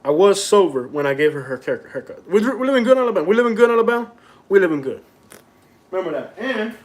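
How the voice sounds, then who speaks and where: A man with a notably high voice talks loosely to his viewers on a phone live stream at home. He rambles, jokes and complains in a playful, mock-aggrieved way. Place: at home indoors.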